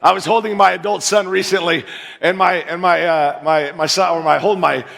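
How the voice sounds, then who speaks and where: A guest pastor from the United States, a man in his fifties, delivers a humorous sermon story in a raised, gravelly, high-pitched voice at normal speed. He's a joking, animated storyteller who ribs and plays to the crowd. The recording is from a big, reverberant church sanctuary with a long, ringing echo.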